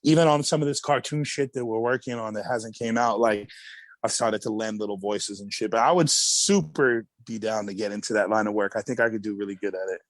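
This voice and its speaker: A man's voice: fairly low pitch, brisk, no echo. A young man from Australia, a music producer guest, talking in a laid-back, rambling way with plenty of swearing and fillers. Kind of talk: casual podcast chat.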